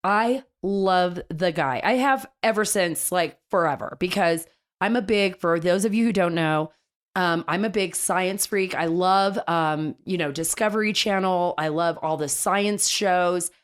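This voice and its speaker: A woman's voice: fairly low pitch, a little slow. A woman hosting a political talk show, speaking in an enthusiastic, chatty way with frequent restarts. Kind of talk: casual political radio commentary.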